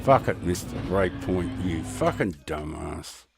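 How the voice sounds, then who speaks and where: A man's voice: low-pitched, expressive, a little slow, creaky, over loud music. An older Australian man with a wheezy voice and false teeth, rambling and swearing casually through game commentary. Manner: rambling, profane, chatty. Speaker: game streamer.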